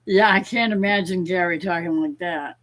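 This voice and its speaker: A woman from southern New England co-hosting a casual chat, teasing and quick to laugh. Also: fairly low pitch, fairly bright tone.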